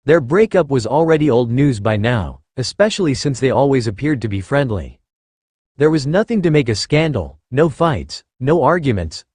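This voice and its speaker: A man narrating a fan fiction story in a steady reading voice. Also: medium pitch, breathy edge, no echo, studio quality.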